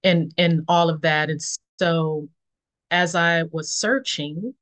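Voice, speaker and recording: Here a woman in her forties appears as a guest on a podcast, reflecting on her faith in an unhurried conversation. She pauses frequently and uses fillers, switching to lively, high-pitched impressions whenever she quotes her friends.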